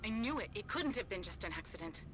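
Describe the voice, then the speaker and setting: A woman's voice: mid-range voice, expressive, quick pace, loud music behind the voice, lightly acted. An actress playing a determined female helicopter pilot in a video game, speaking urgently and insistently.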